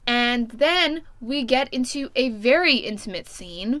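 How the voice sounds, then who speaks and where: A woman's voice: a little high, lively intonation, a little slow, a bit bright, dry recording. A woman giving a casual, profane and exasperated plot recap as a book reviewer.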